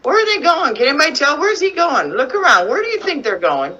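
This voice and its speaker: High bright teacher lady coaxing little kids to read, lots of questions, laptop mic. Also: fast, lo-fi sound. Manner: animated, coaxing, asks many questions. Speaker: kindergarten teacher. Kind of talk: online reading lesson for young children. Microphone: computer mic on video call.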